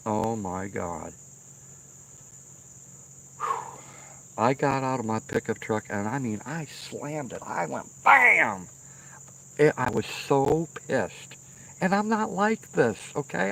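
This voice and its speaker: A man's voice: medium pitch, expressive, takes it slowly, vocal fry, pauses often, bright, forceful tone. A middle-aged man hosting a livestream, telling a rambling, profane story outdoors and often checking in with "okay?". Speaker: livestream host. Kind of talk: casual storytelling. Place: outdoors by a fire pit at night.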